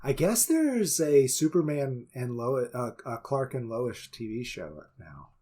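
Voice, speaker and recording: A man's voice: mid-range voice, big pitch swings, measured pace, dark tone, slightly rough. A man co-hosting a podcast, talking bluntly in casual chat and swearing freely. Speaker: podcast co-host.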